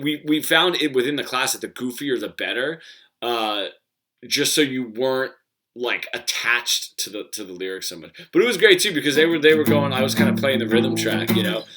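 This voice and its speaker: A man's voice: mid-range voice, a bit bright. A man teaching guitar in a casual Q&A, explaining loosely and thinking aloud.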